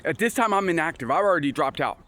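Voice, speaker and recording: Speaking quickly and animatedly in a fairly high, fairly bright voice, a man tells the story of his life as casual testimony. It's a windy outdoor recording; he rambles, restarts, and acts out the dialogue he recalls.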